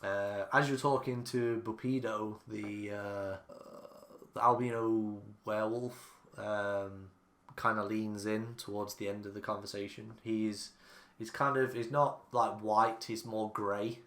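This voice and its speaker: A man's voice: lowish voice, fairly even intonation, a little slow, a bit bright. A man narrating a tabletop game as game master, describing things in a rambling way with many ums and restarts.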